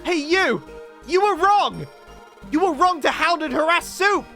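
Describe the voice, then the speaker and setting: A man voicing an eager, loyal young rescue-team buddy in a game, excitable and shouting with joy. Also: very high voice, measured pace, gravelly, soft background music, voice pushed up, exaggerated voice. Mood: indignant.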